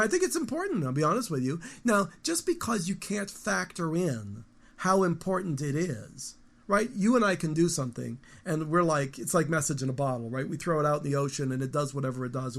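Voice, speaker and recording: A man in his fifties, a guest musician, talking casually in an interview in a rambling, animated storytelling way with frequent restarts. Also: high voice, gravelly. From United States.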